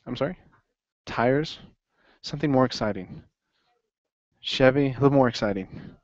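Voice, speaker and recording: A man teaching an accounting class in a lively classroom lecture, quizzing students as he goes. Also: mid-range voice, moderate pace, no room sound. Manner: upbeat, asks the class questions. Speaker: accounting instructor. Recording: dry, dull lo-fi classroom recording.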